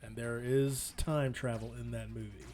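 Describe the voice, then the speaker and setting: A young man co-hosting a casual movie podcast, playful and quick to laugh. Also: mid-range voice, steady tone, over music. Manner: playful, laughs often, does loud movie-quote impressions. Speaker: podcast co-host.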